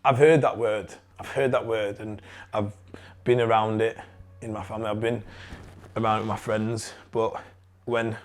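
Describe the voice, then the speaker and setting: Candid Yorkshire man, lowish voice. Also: level tone. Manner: candid, swears freely, halting restarts. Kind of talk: casual personal story.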